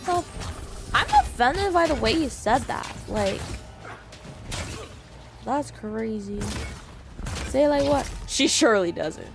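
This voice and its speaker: Excitable young woman streamer, high voice. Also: slow, vocal fry, long pauses, music in the background. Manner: excitable, playfully indignant, jumps to squeals. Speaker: live streamer. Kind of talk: casual live-stream chat with viewers.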